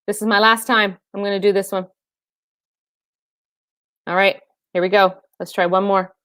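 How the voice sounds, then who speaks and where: A woman's voice: medium pitch, flat delivery, moderate pace, a bit bright, no room sound, clean studio sound. A woman fitness trainer hosting a casual live stream, chatting and laughing with viewers and calling them by name.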